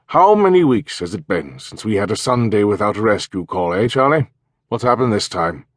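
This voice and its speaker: A man's voice: lowish voice, very animated, normal speed, no room sound, studio quality. A man voicing a good-natured young village constable with a teasing manner. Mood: friendly.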